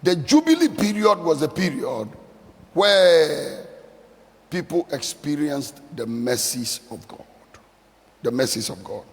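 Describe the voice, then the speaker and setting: A man's voice: fairly high pitch, animated, slow, vocal fry, long reverb tail. A middle-aged male pastor delivering a sermon, mixing emphatic repeated phrases with conversational storytelling.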